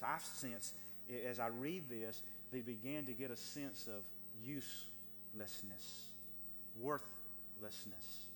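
A man preaching a sermon to his congregation with great passion, swinging from raised declarations to hushed, pleading tones. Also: medium pitch, long reverb tail, slight background noise. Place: church sanctuary.

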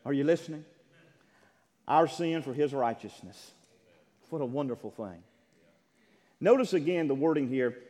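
A man preaching a sermon from a church pulpit, fervent, dropping to a hush and rising to shouts, repeating phrases and calling for amens. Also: mid-range voice, moderate pace, long pauses. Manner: fervent, swings from hushed to shouting. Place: church sanctuary. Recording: long hall reverb.

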